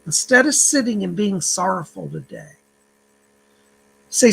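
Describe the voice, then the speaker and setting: A man's voice: high voice, expressive, unhurried, vocal fry, long pauses, fairly bright tone, breathy edge. A man who works as a psychic, giving an earnest, uplifting spiritual vlog message and retelling a phone call. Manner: preachy, uplifting address to viewers.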